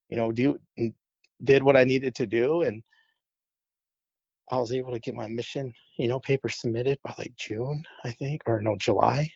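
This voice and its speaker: A young adult man sharing a personal testimony, retelling events in a lively way with quoted dialogue, on a dull, dry lo-fi recording. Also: medium pitch, gravelly, slightly rough, dry recording. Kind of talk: personal storytelling.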